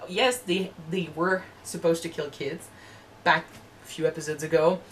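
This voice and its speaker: A woman hosting an anime reaction chat, animated, swearing freely and restarting her sentences. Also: low-pitched, normal speed, slight background noise, low-quality recording.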